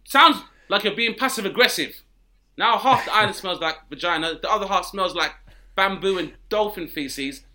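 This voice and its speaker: A man's voice: sits high, normal speed. A man co-hosting a casual comedy chat, riffing and acting out voices in his stories. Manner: animated, acts out voices in quoted exchanges. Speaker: podcast co-host.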